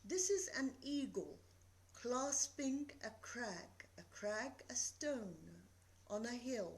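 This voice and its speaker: A woman giving a recorded literature lecture, reading verse slowly and deliberately and explaining it. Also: fairly high pitch, animated, rough recording.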